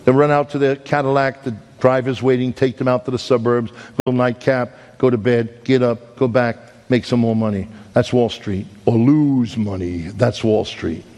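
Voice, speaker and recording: A middle-aged man preaching a sermon, telling a story with dramatic swings between loud emphasis and hushed, slow lines. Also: medium pitch, fairly even intonation. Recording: long hall reverb.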